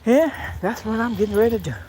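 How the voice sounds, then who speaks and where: A woman's voice: on the high side, fast, warm tone. Rambling woman on a phone stream. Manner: chatty and rambling, repeats phrases. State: out of breath from walking. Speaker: vlogger. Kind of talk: casual live-stream chat. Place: walking outdoors, then at home. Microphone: phone camera. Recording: noisy phone live stream.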